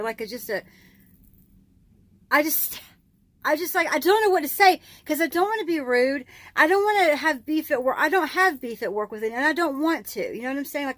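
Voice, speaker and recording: A woman who works as a mail carrier, telling a chatty vlog story and growing animated and incredulous as she vents. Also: a little high, no room sound. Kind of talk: casual daily vlog chat.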